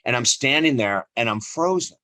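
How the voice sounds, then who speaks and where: A man in his sixties telling a personal story in an interview, animated and chuckling often. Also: medium pitch, moderate pace, no echo, rough recording. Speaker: interview guest, counselor.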